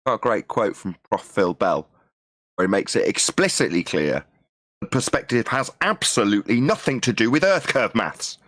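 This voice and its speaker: A man with a mid-pitched, very animated voice trades dry, sarcastic jokes on a live stream. His voice is close and dry, with no room echo. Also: moderate pace. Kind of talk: casual live-stream chat.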